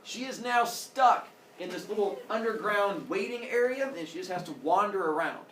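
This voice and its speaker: A male teacher telling a story to his class in an animated way, acting out characters with sound effects. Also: high voice, normal speed, slight background noise. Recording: echoey classroom from far off.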